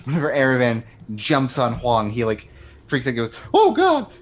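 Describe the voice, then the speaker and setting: Man, tabletop player, brisk rules explainer, middle pitch. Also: steady tone, slight background noise. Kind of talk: casual tabletop play chat.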